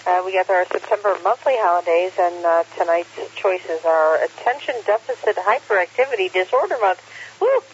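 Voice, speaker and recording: Relaxed man on lo-fi ham radio. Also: sits high, normal speed. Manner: relaxed, joking, frequent uh fillers. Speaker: net control operator on amateur radio. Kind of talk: casual radio chat reading daily holidays. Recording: lo-fi radio audio with faint hiss.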